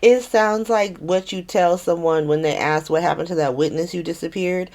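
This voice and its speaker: A woman hosting a podcast recaps a soap opera in casual chat with a fairly low voice. She is animated and sarcastic, and she breaks into laughter often. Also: moderate pace. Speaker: podcast host.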